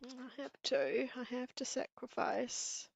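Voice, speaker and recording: A woman with a New Zealand accent hosts a craft livestream through an earpiece and desk mic, casually chatting and giggling with viewers. Her voice sits high, moves at a slow pace, and carries vocal fry.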